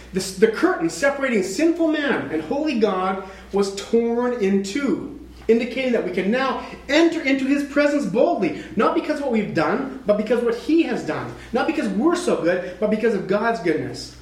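A male preacher with a high voice delivers a dramatic sermon. He sinks to a hush and then climbs toward a shout. The sound carries the echo of a roomy hall. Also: sing-song, fairly quick. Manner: dramatic, swings from hushed to shouting.

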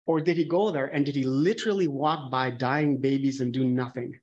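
A man's voice: mid-range voice, moderate pace, a little mellow, muffled recording. Candid man preaching a conversational sermon. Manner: candid, musing, thinks aloud with frequent restarts.

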